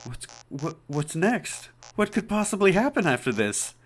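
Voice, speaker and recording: A man's voice: on the high side, big pitch swings, moderate pace, faint music behind. A man casually commenting while playing a story game. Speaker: let's play gamer.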